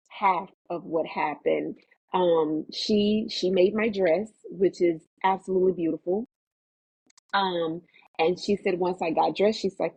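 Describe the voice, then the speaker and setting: A woman, an actress guest, telling her story in a casual interview, animated and acting out what others said. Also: husky, no room sound. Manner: animated storyteller, acts out quotes in a higher voice. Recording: tinny phone-like remote line.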